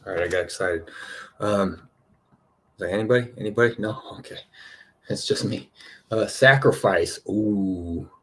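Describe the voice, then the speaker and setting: Rambling excitable man, low voice. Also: unhurried, pauses often. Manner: loose and excitable, full of "you know" and "right?". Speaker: host of a spiritual card-reading show. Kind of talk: rambling casual chat.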